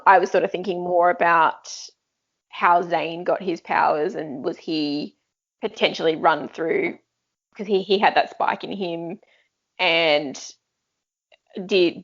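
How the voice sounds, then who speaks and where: A woman's voice: fairly low pitch, fairly even intonation, a little slow, gravelly, highs cut off. A woman co-hosting a book discussion podcast, musing thoughtfully over her speculations in casual talk. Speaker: book club podcast co-host.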